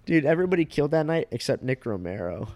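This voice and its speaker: A man's voice: a little high, big pitch swings, fast, a little mellow, no echo. A man co-hosting a comedy podcast, speaking in a laid-back, profane way and laughing often. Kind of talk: casual chat.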